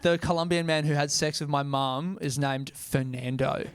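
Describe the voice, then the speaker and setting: A man's voice: on the high side, steady tone, normal speed, background noise. An Australian man performing stand-up comedy, casual and self-mocking, with frequent swearing.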